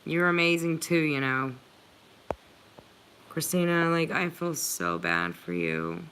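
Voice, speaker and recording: A woman's voice: deep voice, animated, slow pace, fairly bright tone, slight background noise. A woman hosting a livestream, chatting earnestly and emotionally with viewers, with many filler "likes". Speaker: channel host reading live chat.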